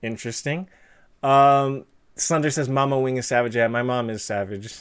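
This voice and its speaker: With a stuffed-up nose, a man hosts a casual livestream interview, reading chat messages and firing off dad jokes and puns at his own expense. His mid-range voice keeps a steady tone at a moderate pace, and the sound is clean.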